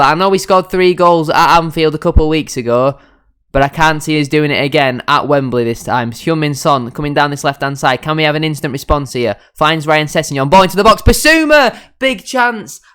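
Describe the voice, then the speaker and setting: A man's voice: fairly high pitch, fairly even intonation, a little fast, a bit bright, clear, resonant tone. A young man commentating his own football management game, frustrated and self-critical as he calls the play. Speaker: gaming YouTuber.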